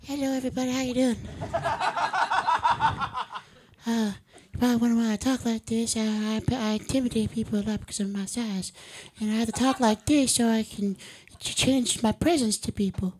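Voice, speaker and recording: A man doing stand-up in a put-on soft, timid little boy voice like a cuddly cartoon bear, meek and stammering, on a comedy club stage. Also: extremely high pitch, normal speed, slight background noise. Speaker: stand-up comic. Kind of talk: stand-up set in a character voice.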